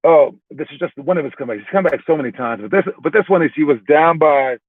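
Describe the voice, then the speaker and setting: A man's voice: fairly high pitch, expressive, fast talker, no echo. A man working as a basketball trainer, casually explaining drills with loose, talky delivery, frequent restarts and repeated "all right"s. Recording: tinny phone-like dry sound.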